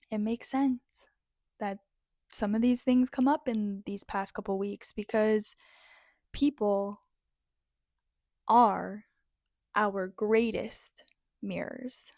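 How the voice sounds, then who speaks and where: A woman giving a reflective, motivational self-help talk in an earnest, heartfelt way, pausing often between phrases. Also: medium pitch, fairly even intonation, darkish tone, dry recording, clean studio sound. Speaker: spiritual self-help speaker.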